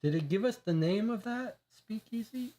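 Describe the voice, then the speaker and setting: Board game streamer, mid-pitched, musing aloud and reading game cards, casual livestream delivery. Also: lively intonation, moderate pace, dark tone. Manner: thinking aloud, many fillers, reads case text aloud.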